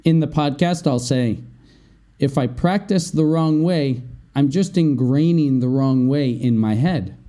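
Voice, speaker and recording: This podcast host, an English teacher, has a mid-range voice with a dark tone. He works slowly through vocabulary words in his lesson, regularly checking in with "right?".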